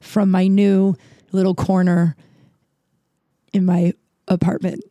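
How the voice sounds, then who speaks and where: A woman hosting a podcast in casual solo chat, rambling and swearing freely, her voice slightly hoarse and congested, talking from a corner of her apartment. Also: on the low side, flat delivery, takes it slowly, mellow, no room sound. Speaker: podcast host.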